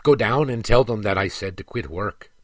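A man's voice: on the low side, normal speed, no room sound, close to an everyday voice. A man voicing a worried dwarf prince who speaks earnestly and pleadingly. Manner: pleading, earnest, a little raised. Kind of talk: audiobook character reading.

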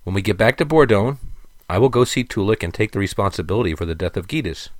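Earnest young male guard, read by a man, resolute and deep-voiced. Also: animated, fast talker, dry recording, clean studio sound, natural voice.

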